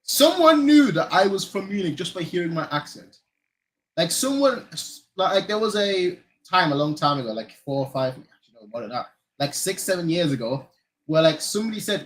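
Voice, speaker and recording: A German-born man hosting a live football watchalong, his voice sitting a bit higher than most men's. He talks loosely and rambles, circling back over his own phrases and leaning on filler words. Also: sing-song, fairly quick, a bit bright, low-quality recording. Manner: rambling, repeats phrases, frequent "like". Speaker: fan channel host. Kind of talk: casual live watchalong chat. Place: lives in Manchester.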